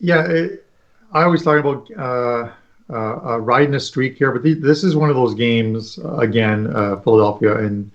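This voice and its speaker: A man talking sports bets as a panelist, halting with many restarts and fillers. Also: medium pitch, lo-fi sound. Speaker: panelist handicapper. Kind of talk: casual sports betting analysis.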